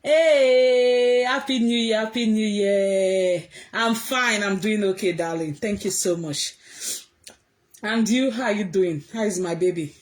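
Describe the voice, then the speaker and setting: A woman talking to her viewers in an emphatic, animated way, often raising her voice. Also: mid-range voice, slow. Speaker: vlogger. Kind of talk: casual commentary to viewers.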